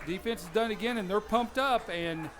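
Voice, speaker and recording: A man giving chatty, folksy color commentary on a live high school football radio broadcast, breaking into bursts of enthusiasm. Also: a little fast, fairly bright tone, soft background music.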